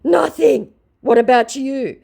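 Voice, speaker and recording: Brief: woman playing a male scammer posing as a rocker, indignant and curt, pitched up. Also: slow pace, vocal fry, dark tone, husky, exaggerated voice. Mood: wheedling.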